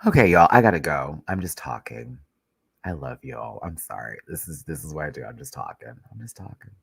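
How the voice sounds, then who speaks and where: A very low-pitched man talks casually to his live-stream viewers, rambling and cursing. He is stuffy with a head cold. The sound is dry and close, with no room echo. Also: lively intonation, moderate pace, creaky, slightly rough. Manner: chatty and rambling, swears freely. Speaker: YouTube recap host.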